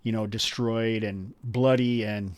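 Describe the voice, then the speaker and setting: A man's voice: fairly low pitch, fairly even intonation, unhurried, no room sound, studio quality. A man narrating as game master of a tabletop game, rambling with many restarts.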